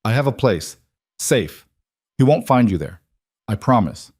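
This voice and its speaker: A man voicing a cold, controlled mafia boss who speaks in low, clipped commands. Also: lively intonation, measured pace, darkish tone, slightly rough, no room sound, studio quality. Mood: protective, firm.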